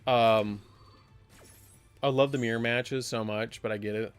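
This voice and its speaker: A man's voice: medium pitch, fairly even intonation, unhurried, clear, resonant tone, soft background music. A man casually chatting while streaming a card game live, rambling and breaking into surprised exclamations.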